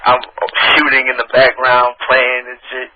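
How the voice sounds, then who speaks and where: An eager, rambling male caller with a mid-pitched voice. He comes through a narrow, phone-like line with a faint hiss. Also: completely flat delivery, normal speed. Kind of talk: casual phone chat.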